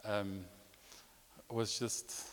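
A man's voice: on the low side, level tone, very slow. A man preaching a sermon, telling a personal story with repetitions and rising emotion. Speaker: pastor. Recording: long reverb of a large hall.

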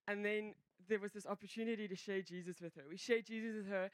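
A woman's voice: mid-range voice, fairly even intonation, quick pace, no echo. A woman giving a personal testimony to a congregation, rambling and breaking off her sentences with many fillers. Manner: rambling, self-interrupting storyteller, many fillers. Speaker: church member giving a testimony.

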